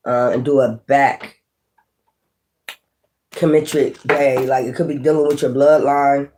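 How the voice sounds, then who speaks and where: Slow-talking man chatting while chewing. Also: medium pitch, fairly even intonation, background noise. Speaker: tarot reader. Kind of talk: casual tarot vlog chat.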